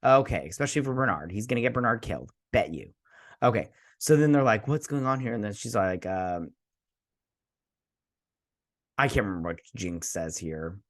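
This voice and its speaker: A man's voice: on the low side, expressive, normal speed, pauses often. A man hosting a casual TV episode review, rambling and sarcastic, often mock-quoting the characters. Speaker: host.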